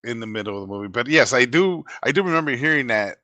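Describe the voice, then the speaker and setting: Bright-voiced, agreeable man. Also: medium pitch, expressive, quick pace, no room sound. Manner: agreeable, chimes in with short replies. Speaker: podcast co-host. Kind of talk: casual movie review chat.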